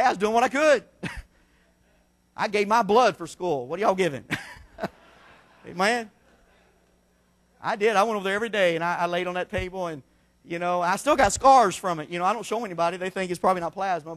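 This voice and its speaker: High, bright preacher, shouting then hushed. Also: male voice. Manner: swings from shouting to hushed, folksy storytelling. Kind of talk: sermon. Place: church sanctuary.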